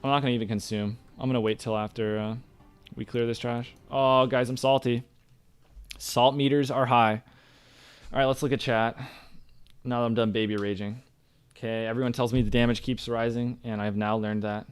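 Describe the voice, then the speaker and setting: A young man streaming a game, talking through his play with excitable, ranting frustration. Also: medium pitch, moderate pace, clean tone. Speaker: gaming streamer. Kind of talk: live gameplay commentary.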